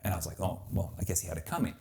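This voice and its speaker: A man's voice: low-pitched, racing, darkish tone, slight background noise. A man hosting a podcast, telling a story in casual chat, acting out quotes and swearing freely. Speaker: podcast host.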